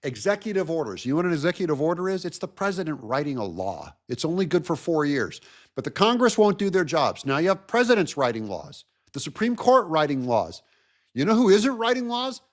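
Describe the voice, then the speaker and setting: A man hosting a show, giving an animated, mocking political commentary rant. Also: a little high, brisk. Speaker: host.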